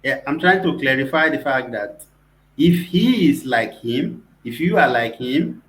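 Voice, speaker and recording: A man's voice: medium pitch, animated, measured pace, fairly bright tone. A man co-hosting, questioning and clarifying points in a casual debate. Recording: roomy echo.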